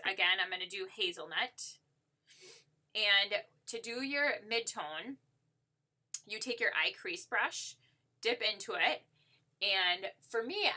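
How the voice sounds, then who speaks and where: A woman's voice: medium pitch, sharp tone. A woman giving a casual makeup tutorial while demonstrating on herself, upbeat and gushing, with lots of "like" and "so" fillers.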